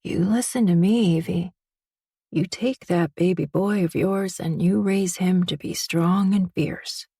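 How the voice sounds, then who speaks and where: Woman reading a tender firm father, breathy, slow, dark tone, distant mic. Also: fairly low pitch, steady tone, no echo, studio quality, exaggerated voice.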